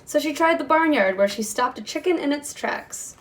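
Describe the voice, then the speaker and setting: A woman with a somewhat high voice reads a picture book aloud to a kindergarten class. Her storytime delivery is expressive and lively, shifting into voices for the characters. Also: normal speed, slight background noise. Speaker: kindergarten teacher.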